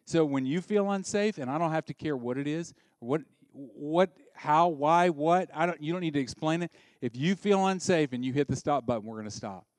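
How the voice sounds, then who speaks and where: A middle-aged man preaching a sermon, swinging from soft asides to loud, emphatic peaks. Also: fairly high pitch, moderate pace, few pauses, dry recording. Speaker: pastor.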